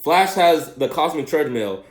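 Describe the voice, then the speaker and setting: A middle-aged man telling a rambling personal story in casual chat, animated and laughing often. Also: a little slow, echoey room. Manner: animated, laughs often, mimics high questioning voices.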